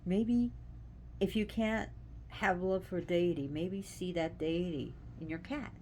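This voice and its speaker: A woman with a somewhat low voice talks casually and earnestly. Her delivery is lively and conversational, with a faint hiss of noise underneath. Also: measured pace. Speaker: host. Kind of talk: casual devotional talk.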